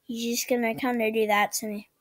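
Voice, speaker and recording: A woman giving giggly, excitable, chatty commentary while playing a game. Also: fairly high pitch, a little fast. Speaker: gamer. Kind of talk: let's-play commentary.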